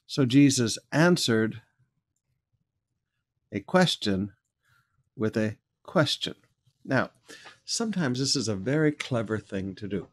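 A man pastor preaching a verse-by-verse sermon in church, teaching in a conversational way and growing emphatic when he reads scripture aloud. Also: mid-range voice.

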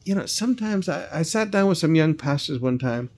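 A man preaching a sermon as a pastor, stressing and repeating lines, slowing down on scripture and telling stories in a conversational way. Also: on the high side, lively intonation, a little mellow, slight background noise. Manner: conversational storytelling asides.

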